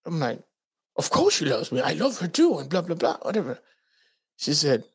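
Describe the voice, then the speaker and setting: Man, podcast co-host, casual storytelling, very expressive pitch, acts out quotes, swears. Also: moderate pace, breathy edge. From Dominican Republic. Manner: animated storyteller acting out quotes in raised voices; swears freely.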